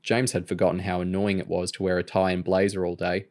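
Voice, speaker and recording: Low-voiced male audiobook reader. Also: level tone, fast talker. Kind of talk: audiobook narration.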